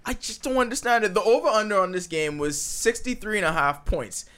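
A man hosting casual sports talk, excitable and emphatic, often cutting in over others. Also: sits high, fairly quick, clean tone.

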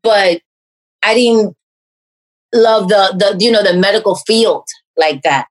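A woman, a life coach, telling her personal story in an interview, animated and full of fillers and restarts. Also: takes it slowly, poor audio. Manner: animated storyteller, raises pitch to act out quoted speech.

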